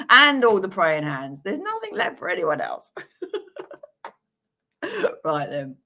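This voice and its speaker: A gravelly, fairly low female voice swoops wildly in pitch and moves slowly as she reads tarot on a live stream. Self-amused and giggly, she laughs at her jokes and offers viewers warm reassurance.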